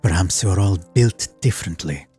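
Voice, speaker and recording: A man voicing a serious, earnest male workshop keeper who speaks in a low, halting, hushed way. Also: animated, breathy edge, faint music behind, full character voice. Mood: grave.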